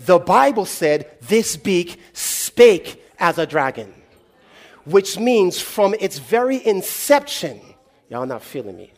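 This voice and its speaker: A man preaching a sermon in a call-and-response style, swinging between loud exclamations and hushed, low delivery. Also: sing-song, slow pace.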